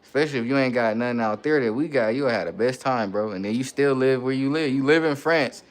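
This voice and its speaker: A man's voice: mid-range voice, quick pace. Laid-back man in slangy livestream banter. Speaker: livestream host. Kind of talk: casual livestream chat reading viewer comments.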